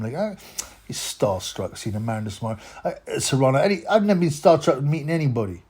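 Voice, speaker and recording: Husky man ranting about boxing. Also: mid-range voice, expressive, fast, a little mellow. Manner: mocking, rambling, with stammered restarts. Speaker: boxing channel host. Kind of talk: casual rant to camera.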